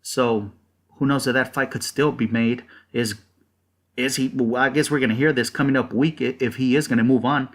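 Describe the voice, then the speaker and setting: Male channel host, casual heated rant, profane and blunt, mid-pitched voice, rambling delivery. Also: steady tone, normal speed. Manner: rambling with frequent fillers. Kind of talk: casual ranting commentary.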